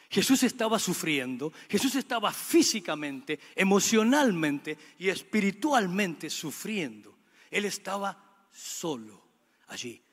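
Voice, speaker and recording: A man preaching a sermon in an earnest, measured way. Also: high-pitched. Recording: reverberant hall.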